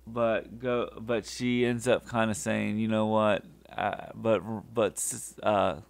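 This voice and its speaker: Male podcast host, low gravelly voice, unhurried, halting casual recap. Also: flat delivery. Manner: halting, many fillers and restarts.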